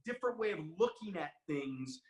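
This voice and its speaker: A man hosting an interview, enthusiastic and quick with short reactions. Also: sits high, very animated. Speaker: host. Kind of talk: interview chat. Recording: echoey room.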